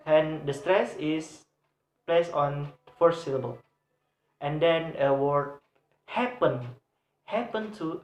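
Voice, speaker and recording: Very slow, halting young man with an Indonesian accent. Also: a little high. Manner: very slow, halting, with many pauses and fillers, repeating each example word. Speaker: student presenter. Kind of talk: English pronunciation lesson. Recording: echoey room.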